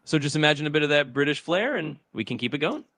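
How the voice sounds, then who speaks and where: A man's voice: on the high side, expressive, fast, background noise. A synthetic man's voice working as an AI assistant, cheery and agreeable in its replies. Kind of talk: upbeat chatbot replies.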